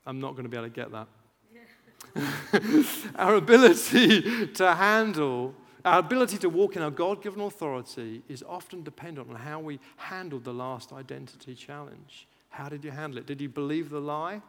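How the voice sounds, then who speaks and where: A man preaching a sermon, animated, jumping loud for emphasis and acting out chants. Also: on the high side, quick pace, few pauses. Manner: animated, rises loud for emphasis, acts out chants, laughs at himself. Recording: long hall reverb.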